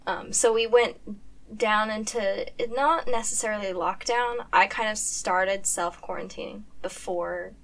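A woman speaks as a podcast guest in a loose, casual way, voice at an ordinary middle pitch. She drops in many fillers and stops now and then to hunt for the right word. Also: fairly even intonation, unhurried, creaky, recorded from a distance. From United States.

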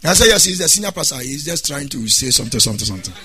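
A man preaching a sermon as pastor, swinging between quiet asides and loud, half-sung exhortations. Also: a little high, very animated, rapid-fire.

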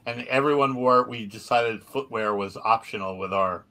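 A man's voice: mid-range voice, normal speed, bright, forceful tone. A man co-hosting a comedy podcast, telling a story in casual chat and laughing often. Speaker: podcast co-host.

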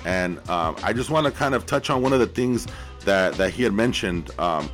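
A man hosting a podcast interview, asking questions in a halting, informal way with frequent restarts and swearing. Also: deep voice, lively intonation, a bit bright, faint music behind. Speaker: podcast host.

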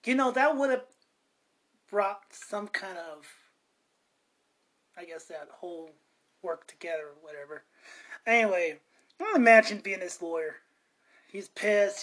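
A woman's voice: mid-range voice, measured pace, long pauses, fairly bright tone, slight background noise. Woman ranting casually on a podcast. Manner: chatty, meandering, self-interrupting. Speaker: podcast host.

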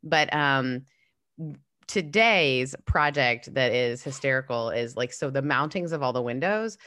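Low-voiced, chatty woman podcast co-host. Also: lively intonation, a little slow, fairly bright tone, no room sound, studio quality. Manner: chatty, laughs often, restarts mid-sentence. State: tired. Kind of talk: casual chat.

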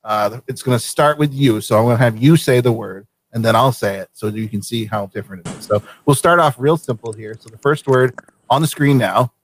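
A man from Vermont hosting a casual live show, easygoing and quick to laugh. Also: medium pitch. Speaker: show host.

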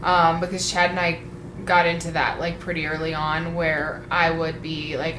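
A woman's voice: deep voice, level tone, moderate pace. A woman in casual chat, talking freely with swearing and acting out quoted lines. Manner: chatty, swearing, acts out quotes. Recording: echoey room, faint noise.

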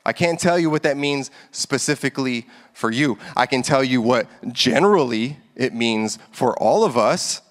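A man in his thirties preaches to his congregation in an easy, chatty way. He grows animated and heated as he makes his points. His voice rings out with a long reverb in a large hall. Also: mid-range voice, moderate pace, hardly any pauses. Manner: conversational, animated, builds to heated emphasis. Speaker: pastor. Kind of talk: casual sermon.

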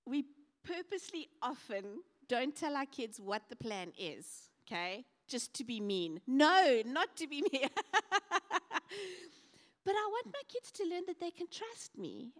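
A woman preaching a sermon, telling stories animatedly and acting out the voices of the people in them. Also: high voice. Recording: reverberant hall.

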